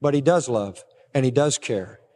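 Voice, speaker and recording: A man preaching a sermon emphatically, pressing some words hard and dropping low and slow on others. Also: warm tone. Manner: emphatic, swings between raised stresses and low, slow drops. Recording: long reverb of a large hall.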